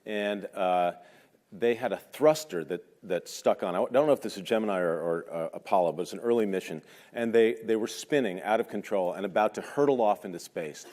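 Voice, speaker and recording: Here a man in his fifties addresses a large lecture hall, the sound echoing with long reverb. He talks briskly in a lowish, darkish voice, recounting personal anecdotes with hesitation, casual phrasing and humor at his own expense.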